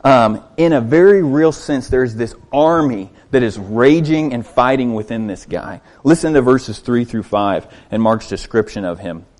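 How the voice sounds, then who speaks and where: Guy preaching, tells the story all animated, keeps asking the crowd questions, stumbles and repeats words. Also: medium pitch, measured pace, hardly any pauses. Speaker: pastor. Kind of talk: sermon.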